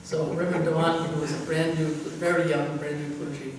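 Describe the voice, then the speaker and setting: A woman's voice: sits low, level tone, moderate pace. An older woman pastor tells stories in a rambling, chuckling manner, her talk full of fillers. She is picked up from a distance in a church hall with a long echo, and faint noise hangs underneath. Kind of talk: anecdotal storytelling in conversation.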